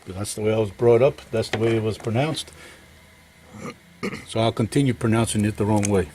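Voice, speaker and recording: A man's voice: fairly low pitch, a little fast, noisy background. An older man chatting folksily to viewers as he works on an engine in his home workshop, rambling from one thought to the next. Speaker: home mechanic vlogger. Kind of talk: casual workshop vlog.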